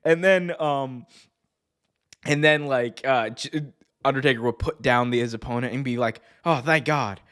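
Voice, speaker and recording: A man hosting a wrestling podcast in casual chat, excited and laughing, stumbling over restarts and shouting out commentators' famous lines. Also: medium pitch, normal speed, smooth.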